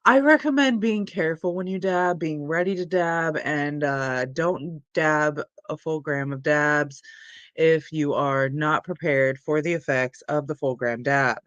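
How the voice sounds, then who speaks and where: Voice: mid-range voice, unhurried, fairly bright tone, clear, resonant tone, dull audio. A young adult streamer chats to viewers in a loose, laid-back, rambling manner, talking casually and at length. The voice sits in a middle range and is caught close on a dry mic with no room echo. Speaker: cannabis livestream host. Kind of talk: casual livestream chat.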